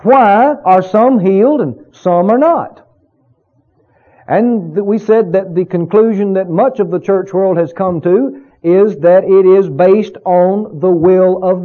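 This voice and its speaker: A man preaching a sermon, emphatic and slow, posing questions to his congregation. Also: sits high. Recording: dull lo-fi recording.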